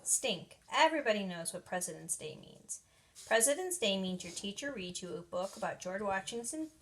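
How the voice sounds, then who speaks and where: A woman's voice: medium pitch, fairly bright tone. Judy, a woman reading as a bossy big-sister girl.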